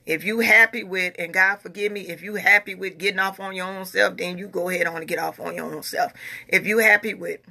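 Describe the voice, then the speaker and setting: Reading out comments from viewers, a vlogger in her forties answers emphatically and casually, repeating herself and speaking informal Southern American English in an opinionated way. She has a steady mid-range voice, a little fast, with vocal fry and a pushed, bright quality.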